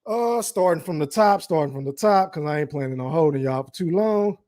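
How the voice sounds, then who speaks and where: Talking straight to viewers in his chat, a man hosting a live-streamed podcast delivers a mocking, profane, heated commentary rant. He has a fairly high, slightly mellow voice with lively intonation and a brisk pace, captured in clean studio sound with no room sound.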